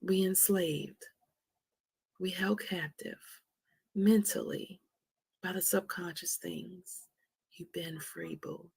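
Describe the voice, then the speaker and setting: A woman hosting a motivational livestream, speaking softly and slowly with a Southern American touch, often dropping to a whisper. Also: fairly low pitch, steady tone, vocal fry, breathy edge, no room sound. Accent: American, Southern country touch. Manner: soft, slow and prayerful, often dropping to a whisper. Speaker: livestream host.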